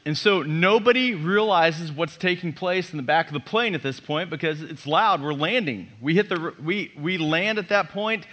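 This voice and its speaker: A man in his thirties, a pastor preaching a sermon built around a personal story, animated and self-mocking. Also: a little high, normal speed, few pauses.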